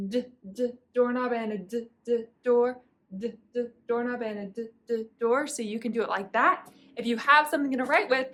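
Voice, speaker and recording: A woman teaching young children to read, sounding out each sound slowly and clearly and prompting them to join in. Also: fairly high pitch, a bit bright, slight background noise. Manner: slow, clearly sounded-out speech with encouraging prompts. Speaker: reading teacher. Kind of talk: phonics lesson for young children. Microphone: camera mic, teaching at a whiteboard.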